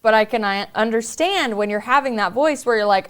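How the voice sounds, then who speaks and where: A woman's voice: on the high side, brisk, clear, resonant tone. A woman podcast host telling a personal story in an earnest, confiding way.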